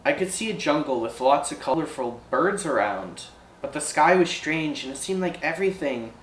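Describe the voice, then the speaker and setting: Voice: mid-range voice, lively intonation, normal speed, pitched above the performer's own voice, lightly acted. A game master voicing a kindly, flustered woman who runs a ferry, speaking hesitantly and apologetically. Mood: uneasy. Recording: roomy echo, faint background noise.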